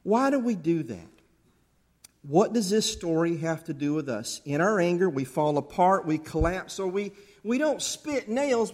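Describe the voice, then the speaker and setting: Man, pastor, sermon, high voice, animated delivery. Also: normal speed. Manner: animated, acts out angry outbursts. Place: church sanctuary.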